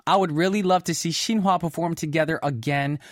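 A man's voice: on the high side, a little fast, dry recording. Chatty male radio host, dry studio sound. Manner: chatty and playful, with many "mm-hmm" and "y'all" asides. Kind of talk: casual radio show chat.

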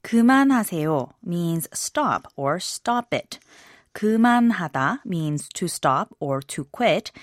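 A woman hosting a scripted language lesson, explaining phrases in a measured way and slowing down on key words. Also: on the low side, dry recording, studio quality.

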